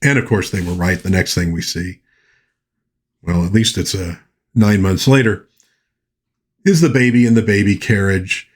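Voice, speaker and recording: Husky-voiced man chatting about a movie. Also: sits low, moderate pace, pauses often. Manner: chatty, animated, lots of you-knows and restarts. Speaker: movie reviewer. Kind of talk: casual retelling of a film plot.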